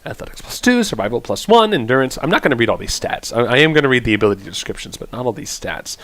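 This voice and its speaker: A man hosting a let's play, chatting casually and reading game text aloud, thinking out loud and stumbling over unusual words. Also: mid-range voice, big pitch swings, fast talker.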